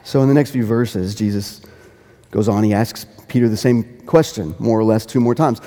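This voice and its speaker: A man's voice: on the low side, moderate pace, dark tone. Earnest preacher man in a reverberant hall. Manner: earnest, repeats phrases for emphasis, rises to quoted dialogue. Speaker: pastor. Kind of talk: sermon.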